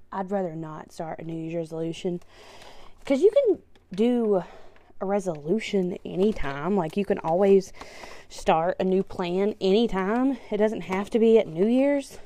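A woman's voice: mid-range voice, mellow. Breathless, chatty woman. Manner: chatty, laughs often, self-deprecating. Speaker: podcast host. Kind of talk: casual chat while tidying.

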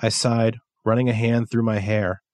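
Low-voiced male story narrator. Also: no room sound, clean studio sound. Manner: measured, steady storytelling. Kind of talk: scripted narration.

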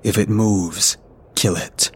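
A man's voice: lowish voice, little pitch movement, measured pace. A man voicing a cold, stern male military commander who gives curt orders in a storybook horror narration. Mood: commanding.

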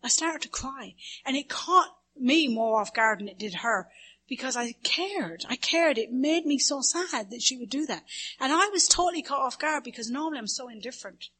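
A woman's voice: high voice, expressive, normal speed, sharp tone. Candid middle-aged Irish woman. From Ireland. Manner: candid and self-mocking, acts out others' voices. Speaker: recovery meeting speaker. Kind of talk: personal story told to a meeting.

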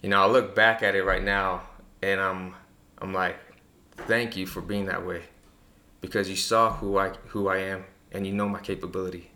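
A man telling personal stories in a relaxed, casual conversation, with lots of fillers. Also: low-pitched, normal speed. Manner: relaxed storytelling with many fillers. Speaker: guest.

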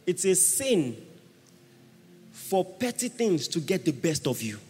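A man preaching a sermon, emphatic, swinging from hushed asides to shouted exhortation. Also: high voice, husky. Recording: long reverb of a large hall.

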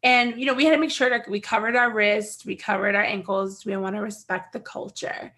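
Speaking a little fast at medium pitch, this young woman from the United States chats casually as a podcast co-host. Her travel tale is full of laughter and quotes she performs with lively energy.

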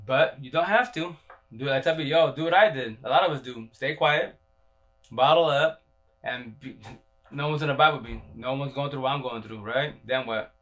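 A man chatting on a live stream in loose, slangy talk, swearing freely as he goes. He circles back on himself and restarts sentences midway. His voice sits at an ordinary middle pitch for a man. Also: fairly bright tone. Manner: rambling, slangy and profane; repeats himself and restarts often. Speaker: livestreamer. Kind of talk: casual livestream talk.

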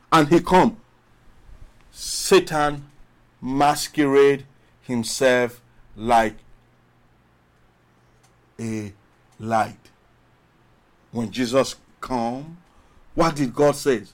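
A male pastor preaching a sermon emphatically, repeating phrases and drawing out his words between pauses. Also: mid-range voice, lively intonation. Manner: emphatic preaching with long pauses and rising calls.

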